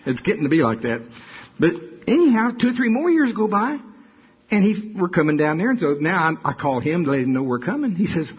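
Husky older preacher, lively storytelling sermon. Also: male voice, fairly high pitch, normal speed, lo-fi sound. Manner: animated, repeats himself, folksy.

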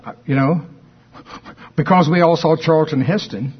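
A man's voice: a little high, normal speed, slight background noise. A man teaching from the Bible in a sermon, explaining verses conversationally with asides. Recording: dull lo-fi recording.

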